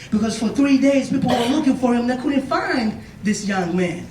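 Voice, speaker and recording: A man's voice: very high-pitched, moderate pace, hardly any pauses, a little mellow. A man giving a motivational speech to young listeners, telling a story emphatically and with lots of repetition, often checking in with questions. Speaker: motivational speaker. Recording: echoey room, mic far off.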